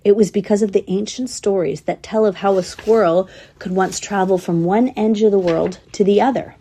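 Storybook squirrel girl, matter-of-fact and thoughtful, mellow husky voice, read by a woman. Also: mid-range voice, fairly even intonation, normal speed. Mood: earnest. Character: young female squirrel, wistful storyteller.

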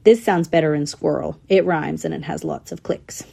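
A woman narrating a children's animal story in a calm, steady reading voice. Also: low voice, moderate pace, vocal fry, breathy edge.

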